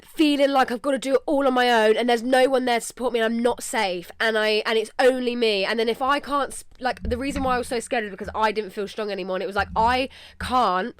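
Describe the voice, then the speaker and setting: A woman's voice: a little high, quick pace, clear, resonant tone, no echo. A young English woman hosting a podcast, talking candidly and emotionally in a rambling way full of "like". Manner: rambling, emotional, heavy use of "like". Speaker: podcast host. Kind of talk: candid casual podcast talk.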